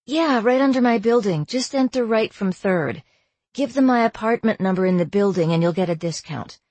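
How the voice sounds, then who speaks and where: A woman's voice: medium pitch, lively intonation, normal speed, a little mellow, no echo, pitched above the performer's own voice, natural voice. A woman voicing a groggy young woman who mumbles sleepily as she talks. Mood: sleepy.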